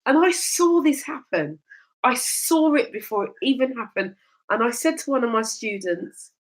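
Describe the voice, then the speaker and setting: Animated storytelling woman host. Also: fairly high pitch, moderate pace, rough recording. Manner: lively storyteller, laughs often. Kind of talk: casual chat show.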